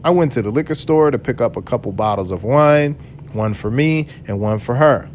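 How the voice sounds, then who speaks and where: A man recounts a personal story in an earnest, aggrieved way, reading his own messages aloud. His voice sits at an ordinary middle pitch. A faint low rumble runs underneath. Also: normal speed, darkish tone. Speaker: channel host telling his own story.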